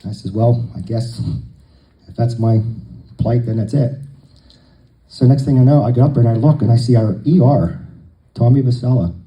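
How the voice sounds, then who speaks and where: A man's voice: mid-range voice, normal speed, dark tone, low-quality recording. A man telling long jokes to a live crowd, a folksy storyteller who acts out the dialogue.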